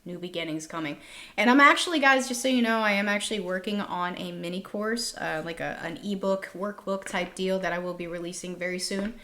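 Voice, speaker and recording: A woman's voice: on the low side, brisk, pushed and bright. A woman in her thirties giving a casual tarot reading to her viewers, emphatic and repeating phrases for effect. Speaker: tarot reader.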